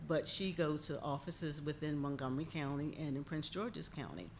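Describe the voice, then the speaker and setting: A woman speaking as a family caregiver, giving a measured, plain personal testimony at a press conference. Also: low voice, slight background noise.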